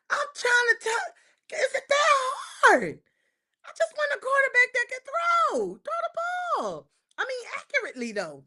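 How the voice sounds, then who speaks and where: A woman hosting a livestream, ranting casually to her chat about her football team. She repeats lines for emphasis and swings between shouting and muttering. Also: very high-pitched. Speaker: livestream host. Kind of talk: casual sports rant to live chat.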